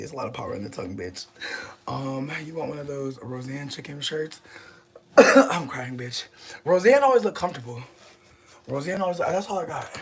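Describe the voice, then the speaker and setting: A young woman from the US chatting casually to camera, rambling and swearing freely, a little out of breath, dropping to mutters and jumping to loud bursts. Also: low-pitched, gravelly. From United States. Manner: profane, rambling, playfully brash, jumps between mutters and loud bursts. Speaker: vlogger.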